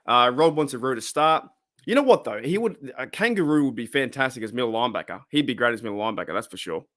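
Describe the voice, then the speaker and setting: A man's voice: mid-range voice, lively intonation, fast talker, a bit bright. A man hosting a casual live-streamed fan podcast, rambling and reacting to chat comments. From Australia.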